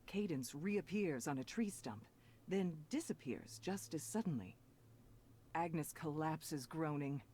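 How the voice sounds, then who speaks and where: A game narrator giving scripted narration in a measured storybook manner. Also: mid-range voice, expressive, mellow, a little hiss or hum.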